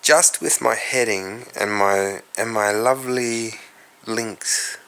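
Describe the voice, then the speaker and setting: An Australian man talks unhurried in a rambling solo monologue, musing aloud and dropping casual swearwords. His voice sits in a middle register with a bright, slightly tense edge. He speaks straight to the viewer as though chatting one on one. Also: fairly low pitch, fairly even intonation, clean tone. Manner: musing, profane, addresses viewers directly. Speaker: podcast host.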